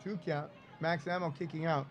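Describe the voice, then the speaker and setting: A man's voice: on the high side, level tone, moderate pace, highs cut off, a little hiss or hum. A man hosting and commenting on old wrestling footage in a casual, rambling way, with lots of fillers and jokes. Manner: rambling, filler-heavy, jokey. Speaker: host and commentator.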